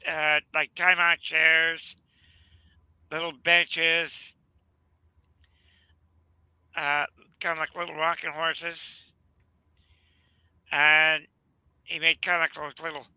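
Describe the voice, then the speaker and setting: A man with a Southern US accent telling a rambling family story in casual chat, halting with fillers. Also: fairly high pitch, steady tone, sharp tone, smooth, no room sound, low-quality recording. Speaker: channel host.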